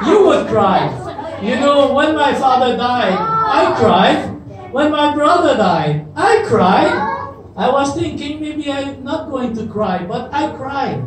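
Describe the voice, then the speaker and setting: An adult teacher tells a Bible story to children slowly and animatedly, often turning to ask them questions. The voice is picked up from across a very echoey hall. Clear background noise sits under the speech. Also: high-pitched, very animated, a crowd in the background. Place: church event with children, in a hall. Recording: echoey hall from far off, noisy.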